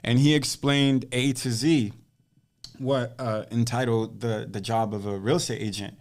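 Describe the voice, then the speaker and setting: A real estate agent, guesting on a casual podcast, recounts how he got started in the business. His mid-range voice keeps a measured pace, and he tells it loosely and conversationally, animatedly acting out the dialogue of people he quotes.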